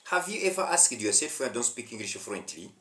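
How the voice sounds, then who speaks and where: Rwandan male English teacher, preachy and emphatic, very animated pitch, roomy echo. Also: fairly quick. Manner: preachy, repetitive, with emphatic swells. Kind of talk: direct-to-camera English lesson.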